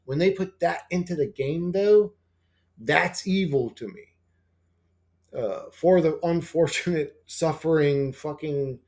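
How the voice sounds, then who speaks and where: A man's voice: expressive, slow, darkish tone. A man rambling casually as a channel host, swearing often and full of fillers and restarts. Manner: acts out quoted dialogue in a higher voice.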